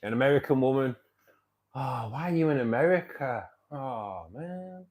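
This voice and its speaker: A man's voice: medium pitch, expressive, moderate pace, a little mellow, rough recording. A middle-aged man hosting a live stream, chatting casually and rambling while reading out viewer comments with frequent laughs. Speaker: livestream host of a fishkeeping club.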